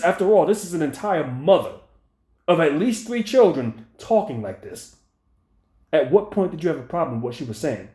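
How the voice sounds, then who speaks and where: A man's voice: on the high side, a little mellow. A man hosting a commentary video, ranting in a profane, heated and mocking way. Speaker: commentary channel host. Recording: echoey room.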